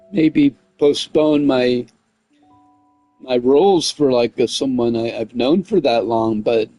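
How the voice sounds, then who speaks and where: A man's voice: a little high, dry recording. A man chatting casually on a gaming livestream, rambling with lots of "like" and "you know what I mean", and getting heated as he tells a story. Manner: gets heated and loud when retelling conflicts.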